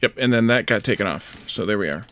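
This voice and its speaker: A man's voice: lowish voice, animated, quick pace, fairly bright tone. A man hosting a casual game stream, chatting with friends and reading out viewer names and redemptions. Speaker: stream host.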